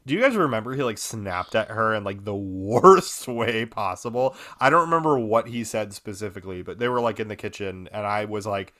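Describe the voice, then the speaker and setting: A man talks casually on a podcast, circling his point with many fillers and false starts. His voice sits on the lower side but comes across bright and forceful. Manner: rambling, halting, many fillers and restarts. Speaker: podcast guest.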